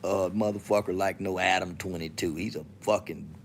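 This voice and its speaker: Gravelly Southern man on a profane rant. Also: sits low, steady tone, normal speed, a little hiss or hum. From Texas, USA. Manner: profane, swaggering, mocking rant. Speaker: podcast host. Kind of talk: solo monologue to camera.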